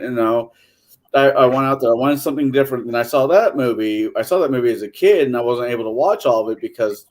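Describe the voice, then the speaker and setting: A man talks bluntly in a casual late-night chat and swears freely. His voice sits at an ordinary middle pitch. His delivery is easygoing and direct. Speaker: podcast co-host.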